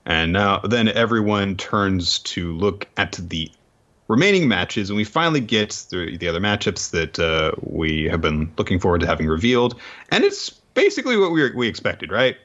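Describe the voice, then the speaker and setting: Deep man with a bright, lively voice, lo-fi. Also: normal speed. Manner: loose, summarizing with many ums and asides. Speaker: podcast co-host. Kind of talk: casual chat, summarizing the story. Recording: dull lo-fi mic.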